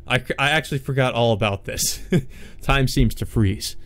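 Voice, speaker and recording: A man's voice: medium pitch, normal speed, a bit bright, no room sound, faint music behind. A man hosting a let's play, reading a visual novel aloud and breaking in with wry, joking asides.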